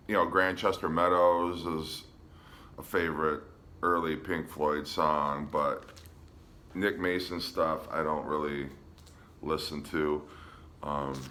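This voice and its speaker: A man casually showing his record collection on a vlog, relaxed and hesitant, with frequent ums. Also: low-pitched, a little hiss or hum. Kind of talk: casual show-and-tell vlog.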